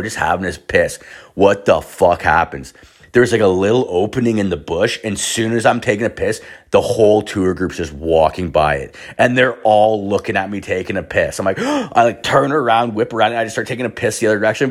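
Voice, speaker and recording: A man's voice: lowish voice, brisk. A man from Canada, telling a casual story that wanders and is full of swearing and filler words. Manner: rambling, heavy swearing, filler-laden.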